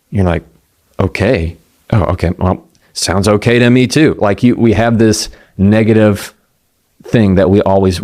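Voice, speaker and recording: A middle-aged man gives a motivational talk on communication. He speaks conversationally, acts out quoted voices and slows down to land key points. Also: fairly low pitch, warm tone. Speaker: communication coach.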